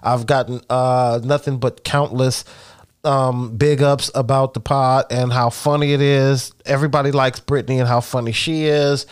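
A man's voice: mid-range voice, flat delivery, moderate pace, clean tone. A man co-hosting a podcast, talking in casual chat with profane, emphatic, joking banter. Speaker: podcast co-host.

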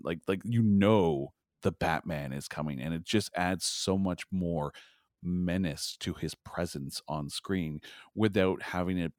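Man, very deep voice, lively delivery, casual podcast co-host, dry close mic. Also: no echo. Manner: animated, quick restarts. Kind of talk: casual chat.

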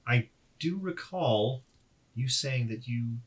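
A man's voice: medium pitch, expressive, takes it slowly. A man playing a tabletop game in character, polite and hesitant. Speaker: player.

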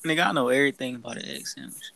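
A man's voice: mid-range voice, wildly swooping pitch, racing, gravelly, over a noisy crowd. A young man in casual chat, joking and swearing with friends. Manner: profane, joking.

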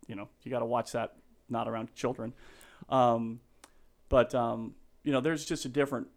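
Middle-aged male guest for an interview: sentimental and earnest, with a rambling, restart-heavy delivery. He sits in the middle of the pitch range. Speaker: real estate agent, guest. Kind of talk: casual podcast interview.

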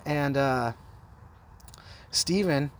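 A man, a podcast guest, telling a story in a casual, animated way, full of swearing and rambling asides. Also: medium pitch, drawn-out words.

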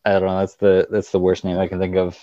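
A man's voice: sits low, completely flat delivery, fast talker, mellow, dull audio. A man playing a tabletop game who chats and jokes casually. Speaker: player.

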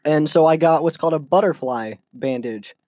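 A man's voice: fairly high pitch, normal speed, dark tone, no room sound. A young man telling a long, rambling childhood story among friends, with lots of fillers and restarts. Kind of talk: casual chat among friends.

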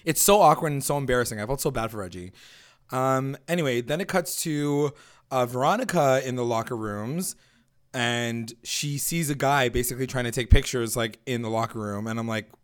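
A man's voice: medium pitch, fairly quick, clear, resonant tone. A man co-hosting a show, casually recapping a TV episode, laid-back, peppering his talk with "like" and swearing freely. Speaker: podcast co-host recapping a TV episode. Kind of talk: casual chat.

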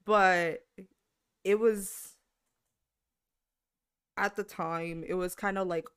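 A woman's voice: lowish voice, steady tone, extremely slow, smooth. A young woman, a podcast co-host, telling a story in casual chat with friends, laughing often. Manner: laughing storyteller, quotes her mom.

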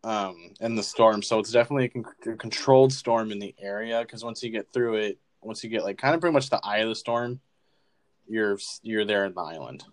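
A young man co-hosting a movie podcast, retelling scenes in a rambling, profane, animated way. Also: fairly low pitch, fairly quick. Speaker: podcast co-host. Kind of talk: casual movie-review chat.

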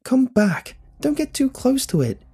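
A man narrating a horror story, voicing a frantic young woman who shouts at her reckless friend. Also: big pitch swings, brisk, breathy edge, full character voice. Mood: panicked. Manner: shouting, shrill. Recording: faint music behind.

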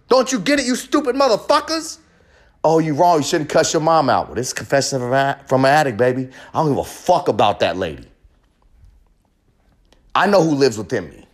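A man delivering a confessional monologue in a heated, profane, emphatic rant, hammering home short repeated phrases. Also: sits high.

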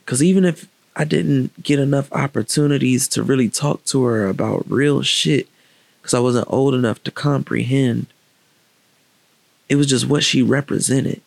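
A man telling a personal story in a candid, reflective, casual way, with halting restarts and pauses. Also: mid-range voice, vocal fry, no room sound.

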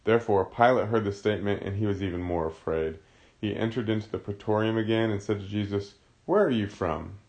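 A man's voice: lowish voice, steady tone, fast, darkish tone. A man teaching a casual Bible study, explaining a passage in a conversational way.

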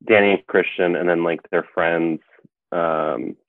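A man's voice: sits low, steady tone, unhurried, dry recording. A man co-hosting a casual film discussion podcast, rambling with lots of filler "like"s as he recaps scenes. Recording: tinny phone-like line, dry.

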